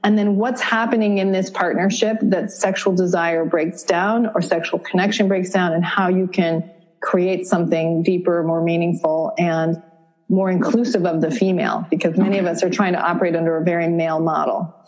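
A middle-aged woman from Vermont speaks as a counselor on a podcast, her voice sitting a little low. She explains things in a calm, measured, thoughtful way, building each point step by step. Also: low-quality recording. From Vermont, USA. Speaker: relationship and sexuality counselor, guest. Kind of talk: podcast interview.

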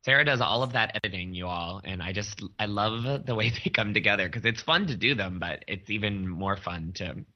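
A man co-hosting a casual podcast chat, quiet and low-key, telling stories with small laughs. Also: fairly quick, few pauses, lo-fi sound. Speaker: podcast co-host.

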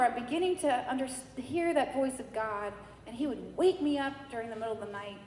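Lively woman telling her faith story. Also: a little high, fairly quick, few pauses. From New York. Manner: lively storytelling, acting out quoted dialogue. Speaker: church member giving testimony. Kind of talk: personal faith testimony. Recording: echoey hall with faint noise.

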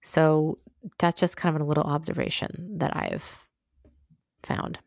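A woman's voice: sits low, wildly swooping pitch, measured pace, vocal fry, darkish tone, no room sound. A woman hosting her own podcast, talking frankly and conversationally, full of asides, into a close mic. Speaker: podcast host. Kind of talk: candid solo podcast monologue.

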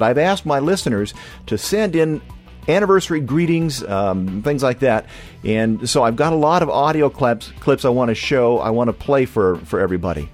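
Man from california, podcast host, rambling casual monologue, lively pitch, faint music behind. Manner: rambling, with many restarts and fillers.

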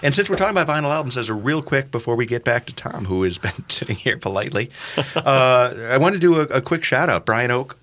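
A man's voice: medium pitch, lively intonation, fast talker, a bit bright. A man hosting a podcast in casual chat, playful and rambling, with lots of filler words. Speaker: podcast host.

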